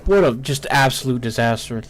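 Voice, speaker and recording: A man's voice: mid-range voice, animated, soft background music. A man giving live gameplay commentary, frustrated and swearing, firing off strings of "no" as things go wrong. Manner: frustrated, swearing, repeating "no" rapidly. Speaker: gameplay streamer.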